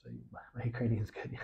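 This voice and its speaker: A man's voice: mid-range voice, lo-fi sound. A man from the United States hosting a casual livestream, chatting with viewers in a rambling way, full of fillers and restarts. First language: English. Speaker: livestream host.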